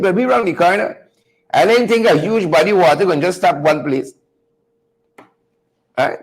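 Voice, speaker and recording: A man's voice: sits high, low-quality recording. A man hosting a live news chat show. He talks in a folksy, preachy way, repeats his phrases and keeps calling out to his viewers. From Guyana. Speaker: show host.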